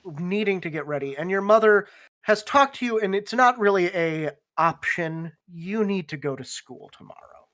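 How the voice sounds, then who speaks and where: A woman's voice: lowish voice, normal speed. A woman narrating as game master of a tabletop role-playing game, laughing often as she describes scenes. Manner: laughs often, relaxed and swearing.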